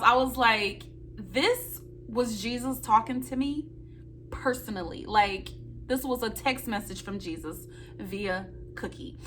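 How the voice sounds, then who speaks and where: A young woman telling a story on her vlog, animated and dramatic, talking straight to her viewers and acting out her own loud high-pitched reactions. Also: measured pace, faint music behind. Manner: talks straight to viewers, calling them y'all. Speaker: nursing student vlogger.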